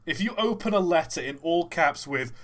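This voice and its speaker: A man's voice: on the high side, expressive, moderate pace, a bit bright. A man chatting casually while playing a game on a livestream, self-mocking and playful. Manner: self-mocking, chatty, trying out silly voices. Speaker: streamer. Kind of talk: casual gameplay livestream commentary.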